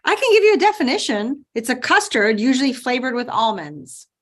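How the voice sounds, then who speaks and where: A woman acting as spelling bee pronouncer, enunciating each word slowly and clearly over a video call. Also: sits high, very animated. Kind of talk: reading words and sentences aloud.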